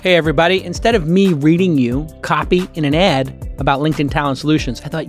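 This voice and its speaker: A man's voice: on the high side, fast talker, hardly any pauses, faint music behind. A man from Brooklyn with a Brooklyn accent, hosting a podcast in an emphatic, opinionated way. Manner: emphatic, opinionated, repeats points for stress. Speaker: podcast host. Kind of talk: casual podcast talk and host-read ad.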